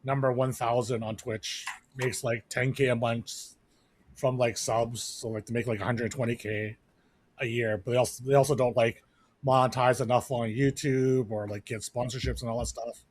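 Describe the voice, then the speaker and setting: His medium-pitched voice shows little pitch movement and moves at a normal speed. He's co-hosting a podcast, chatting casually in a rambling way with frequent fillers and restarts.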